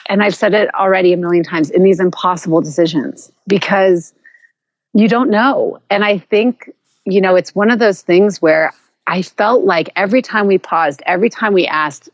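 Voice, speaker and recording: A woman guest telling a personal story in an earnest, reflective way, often pausing and restarting. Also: medium pitch, no echo, lo-fi sound. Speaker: podcast guest.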